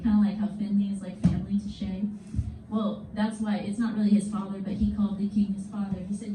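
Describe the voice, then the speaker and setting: A woman teaching a children's Bible lesson in a church classroom, telling the story in an animated, casual way with props. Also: medium pitch, normal speed. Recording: roomy, distant mic, faint background noise.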